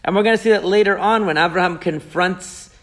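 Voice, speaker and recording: A man leading a Torah class discussion, explaining the text with animated rhetorical questions and quoting Hebrew verses. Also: high-pitched, a little fast. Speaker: Torah teacher.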